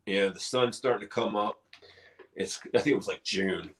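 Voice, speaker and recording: A middle-aged man, a paranormal investigator, telling a story casually in a live interview, animated and swearing freely. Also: lowish voice, moderate pace, poor audio. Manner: animated, swears casually, acts out quoted dialogue.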